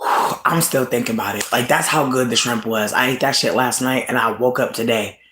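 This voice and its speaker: Casual livestream host, mid-pitched, profane and animated, swings into squealing laughter, echoey room. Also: moderate pace, slight background noise. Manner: animated, profane, bursts into high laughing shouts. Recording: roomy echo.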